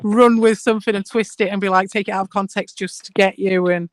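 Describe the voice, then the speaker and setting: A man in casual voice chat, chatty and quick to agree with the others. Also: high-pitched, fairly even intonation.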